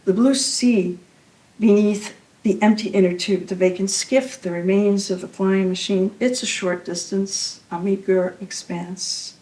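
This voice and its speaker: A woman's voice: mid-range voice, steady tone, measured pace, dark tone. Roomy, distant woman reading poetry. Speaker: poet. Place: university reading venue.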